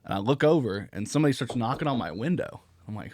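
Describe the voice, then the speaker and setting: A man's voice: mid-range voice, fast. A man hosting a podcast, telling a rambling, profane story in casual chat. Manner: animated, swearing, rambling anecdote. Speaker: podcast host.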